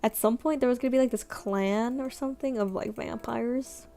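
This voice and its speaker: A young woman with a gravelly voice on the high side chats at normal speed while drawing on stream. She rambles, is self-deprecating and uses plenty of fillers, with soft music in the background.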